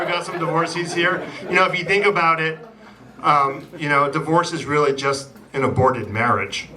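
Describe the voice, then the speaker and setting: A man doing a stand-up set with a chatty, self-deprecating manner, stopping often on ums and you-knows. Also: a little high. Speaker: stand-up comedian. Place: theatre stage before a live audience. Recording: distant mic, loud crowd and noise.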